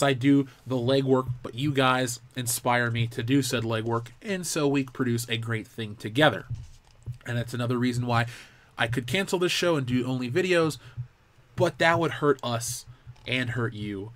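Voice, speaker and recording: A man's voice: medium pitch, steady tone, normal speed, fairly bright tone. A young man hosting a live pop culture show, ranting in a heated, profane way. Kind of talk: live-stream commentary rant.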